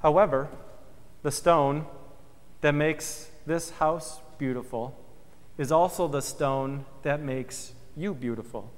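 Male pastor, fairly high voice, dramatic sermon delivery, long church reverb. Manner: emphatic, swells loud then drops soft and slow. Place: church sanctuary.

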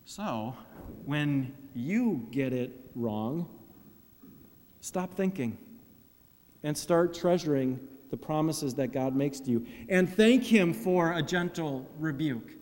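A man's voice: on the high side, animated, takes it slowly, darkish tone, big-room sound. A man preaching a sermon, asking rhetorical questions and acting out quoted complaints. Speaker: pastor.

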